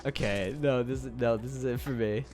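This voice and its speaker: With faint music playing behind him, a man streams live and rambles giggly to his viewers, now and then letting out high, shrieking laughter. His tone is steady and warm, and he talks a little fast.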